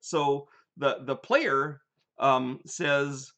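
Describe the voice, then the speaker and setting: An older man hosting a casual live chat, telling animated stories from his gaming sessions. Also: mid-range voice, extremely slow. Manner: animated storyteller, rambling with restarts.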